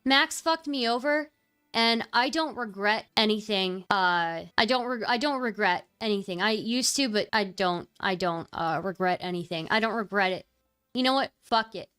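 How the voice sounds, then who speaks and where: A woman speaking candidly and with grievance in casual talk on a call, halting with fillers. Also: medium pitch, a bit bright, smooth, faint music behind.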